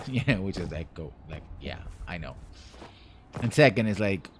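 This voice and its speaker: A man with a somewhat low voice talks his way through a game on a live stream, thinking out loud and tossing off puns. His commentary is loose and rambling. A steady wash of background noise sits under the voice. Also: a little slow. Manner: rambling, jokey self-talk with puns.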